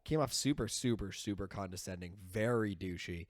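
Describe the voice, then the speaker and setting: A man co-hosting a reality TV podcast, talking in an animated, rambling way with many restarts. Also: low-pitched, normal speed, no room sound, clean studio sound. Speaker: podcast co-host. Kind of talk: casual chat.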